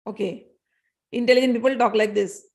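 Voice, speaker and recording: A woman retelling a scripture story and explaining its meaning in an animated, conversational way. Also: fairly high pitch, normal speed, creaky. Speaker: spiritual storyteller.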